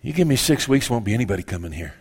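An older man, a pastor, preaching a sermon with lively asides and quick self-corrections. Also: mid-range voice, husky.

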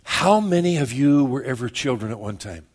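A man's voice: mid-range voice, expressive, normal speed. A man preaching a sermon in a conversational way, asking the congregation questions and joking with them. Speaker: pastor.

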